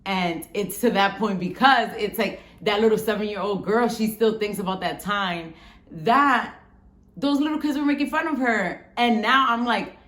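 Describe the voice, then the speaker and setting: A woman in her thirties from the Bronx with a Bronx accent and a rough voice, chatting frankly to camera and swearing freely as she tells a story. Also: mid-range voice, normal speed, fairly bright tone, reverberant. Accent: Bronx New York. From the Bronx, New York. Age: 30s. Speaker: vlogger.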